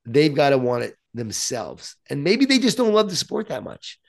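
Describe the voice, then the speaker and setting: A man's voice: mid-range voice, moderate pace, creaky. A middle-aged man in casual conversation, telling parenting stories and acting out quotes. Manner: animated storytelling, acts out quotes. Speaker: parent guest.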